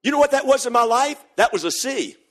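A middle-aged male pastor with a notably high voice delivers an animated sermon. He drops low for storytelling, then rises into fervent shouting. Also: fast talker. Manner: animated preaching, swings from quiet storytelling to shouting.

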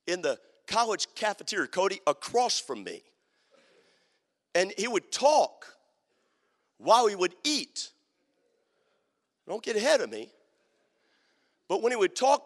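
Male preacher, high animated voice, dramatic sermon storytelling, long hall reverb. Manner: dramatic, swings from loud to hushed.

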